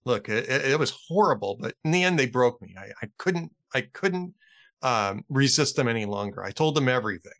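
A man voicing a shaken, defeated male Russian prisoner who confesses haltingly. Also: mid-range voice, lively intonation, a bit bright.

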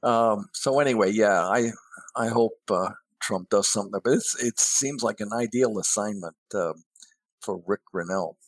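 An older man talking as a guest columnist in a casual chat, halting and repeating words before he gets going. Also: on the low side, no echo.

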